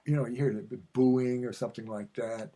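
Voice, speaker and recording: A man's voice: mid-range voice, steady tone, a little fast, dark tone. A man hosting his own podcast, chatting in a digressive, self-mocking way with many fillers and restarts. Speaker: podcast host. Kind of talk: rambling solo podcast chat.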